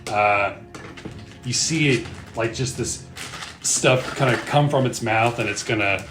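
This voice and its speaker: A man's voice: medium pitch, a little slow, background noise. A man running a tabletop game as game master, describing the scene loosely with lots of fillers and frequent laughs. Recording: echoey room with music behind.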